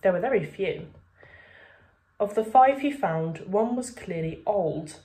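A woman reading a children's book aloud with steady, expressive narration. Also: mid-range voice, a little slow. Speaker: reader. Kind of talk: storybook read-aloud.

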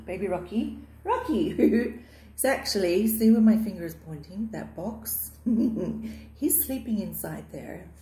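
A woman vlogger chats casually and affectionately from the living room of her new home, gushing and using lots of fillers. Her mid-range voice is mellow, the bare room echoes, and there's slight background noise.

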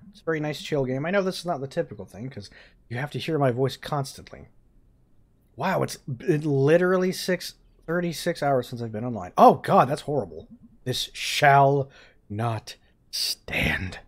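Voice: medium pitch, big pitch swings, moderate pace. A streamer casually chatting and rambling while playing a video game, swearing now and then. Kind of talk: casual gaming stream chat.

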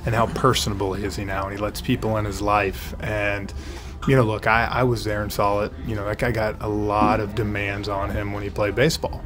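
A man in his forties, a former ballplayer and broadcaster, chatting enthusiastically in an interview with quick restarts. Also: fairly low pitch, flat delivery. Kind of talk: casual interview.

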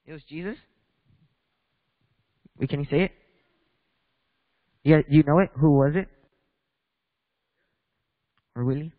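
In a church, a man delivers a sermon in both English and Spanish, reading scripture, restarting haltingly, and putting questions to the congregation. His pitch is slightly high. The phone-quality recording has no room sound, though a long reverb tail trails his words.

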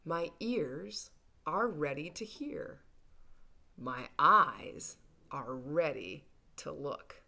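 A woman's voice: low voice, animated, extremely slow, creaky, pushed and bright. A woman hosting a children's storytime, reading a picture book aloud in a playful, encouraging, sing-song way. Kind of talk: toddler storytime reading and songs.

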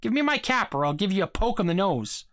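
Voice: medium pitch, big pitch swings, a little fast, fairly bright tone, voice pushed up. A narrator voicing a cocky, bigger boy in a read-aloud story, in a challenging, slightly raised voice.

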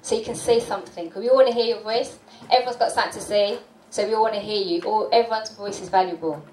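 A woman's voice: medium pitch, fairly even intonation, fast, a little mellow, a little hiss or hum. Woman hosting an event in an echoey hall. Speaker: host. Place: community hall. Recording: echoey hall, distant mic.

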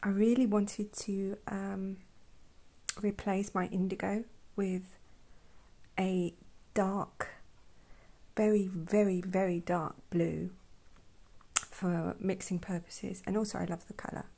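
A woman talking softly while swatching paints, often dropping to a whisper and gushing with delight. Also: mid-range voice, flat delivery, takes it slowly, vocal fry. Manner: gushing, effusive, trails off into whispers. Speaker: art vlogger. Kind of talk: soft-spoken swatching commentary.

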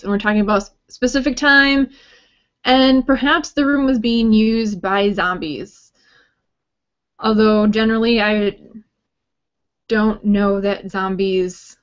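A woman's voice: medium pitch, muffled recording. A woman teaching a writing workshop on grammar, explaining in a friendly way with light joking asides. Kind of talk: recorded grammar lesson talk.

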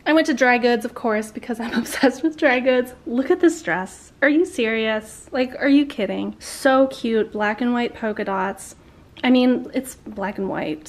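A bubbly young woman talks through a clothing haul in a casual vlog, gushing and laughing between sentences. Her voice sits a little high for a woman and bounces with excitement. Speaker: vlogger.

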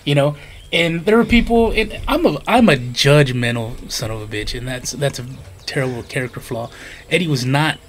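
A man's voice: medium pitch, animated, normal speed, a bit bright. A middle-aged man reflecting on his late brother in casual family conversation, bluntly and with some cursing. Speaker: brother sharing memories.

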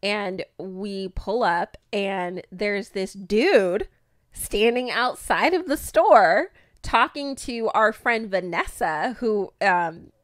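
A young adult woman co-hosting a podcast, telling a personal story in casual chat, animated, swearing freely and full of "like" fillers. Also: medium pitch, slow pace, no echo, clean studio sound. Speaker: podcast co-host.

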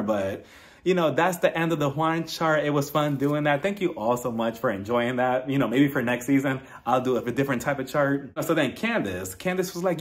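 A man giving a blunt, opinionated casual recap of a reality TV episode, talking straight to his viewers. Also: a little high. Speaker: reality TV reviewer.

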